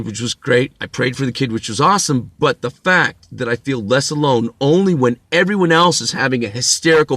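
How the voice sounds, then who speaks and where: A middle-aged man rants about his own troubles in a sharp, bright voice. He swears freely and stumbles into restarts as the anger builds. The sound is dry and close, with no room around it. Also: mid-range voice, no echo. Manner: intense, bitter, swears freely, stammers on restarts. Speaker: vlogger. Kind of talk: ranting personal monologue.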